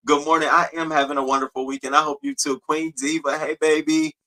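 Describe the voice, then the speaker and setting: A man hosting his live stream show, chatting loosely and profanely and giving playful, singsong shout-outs to viewers. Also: on the high side, flat delivery, fast. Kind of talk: casual live-stream chat greeting viewers.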